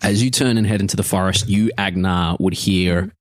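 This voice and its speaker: A man with a low voice narrates as game master of a tabletop game, relaxed and joking, stopping to restart his sentences as he goes. The sound is close and dry, with no room around it. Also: normal speed, dry recording.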